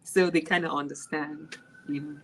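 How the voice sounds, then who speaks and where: A Nigerian woman speaks in a casual interview, her voice sitting a little low. She tells classroom stories in an animated way and laughs easily as she goes. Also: normal speed, a little hiss or hum, rough recording. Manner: animated storyteller, laughs while retelling classroom moments. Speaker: special education maths teacher.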